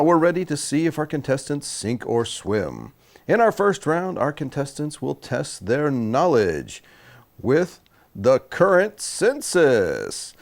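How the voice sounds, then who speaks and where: Young male game show host, wildly swooping pitch, gravelly edges. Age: young adult. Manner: showy, swooping announcer delivery. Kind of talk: comedy game show hosting.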